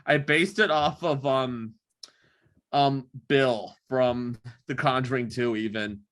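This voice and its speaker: A man co-hosting a podcast chats casually, stopping and restarting often. His voice is bright and forceful, pitched in the middle. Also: fairly even intonation. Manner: halting, full of ums and restarts. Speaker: podcast co-host. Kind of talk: casual chat.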